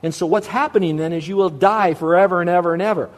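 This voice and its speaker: A man's voice: high voice, fast talker. A man preaching a sermon as a pastor, stressing key words through repetition and asking rhetorical questions that he answers himself. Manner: emphatic, repeats key words, asks and answers his own questions.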